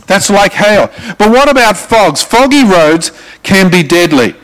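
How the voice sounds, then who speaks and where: A man's voice: high voice, very animated, a little slow, a bit bright, low-quality recording. A middle-aged man with an Australian accent, preaching a sermon to his congregation with emphatic delivery and questions to the room. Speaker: pastor.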